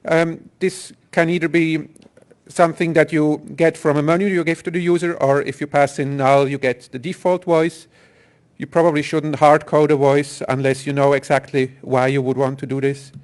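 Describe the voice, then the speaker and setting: A man's voice: a little high, level tone, moderate pace. A man giving a technical conference talk, explaining step by step with some fillers and restarts. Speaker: software engineer presenter.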